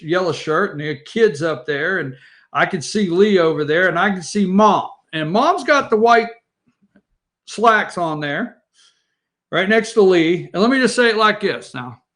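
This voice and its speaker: Bright, lively high-voiced man. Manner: rambling, chatty, talks straight to viewers. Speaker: morning show host. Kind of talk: casual storytelling over family photos.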